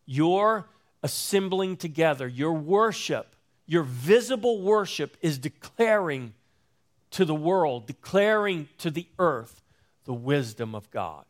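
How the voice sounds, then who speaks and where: A man preaching in a measured, deliberate sermon voice that sits a little higher than most men's. He lingers on his words and repeats key phrases for emphasis. His voice climbs, then sinks low and quiet at the close of a thought. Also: animated. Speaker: pastor.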